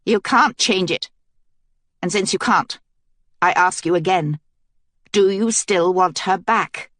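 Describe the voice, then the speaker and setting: A woman's voice: on the low side, slow pace, fairly bright tone, dry recording, clean studio sound. A woman voicing a determined young queen in an audiobook, speaking earnestly and with command.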